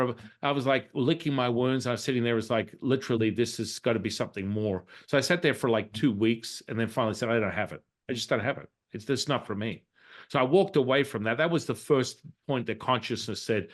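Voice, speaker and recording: A man's voice: mid-range voice, fast. A man, a Taoist priest and healer, telling a reflective personal story in a casual interview and acting out the dialogue in it. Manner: reflective, acts out quoted dialogue in his story; frequent restarts and fillers.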